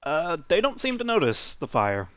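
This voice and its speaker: A man narrating as game master of a tabletop game, describing scenes in a relaxed, offhand way. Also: a little high, normal speed, clean tone, no room sound.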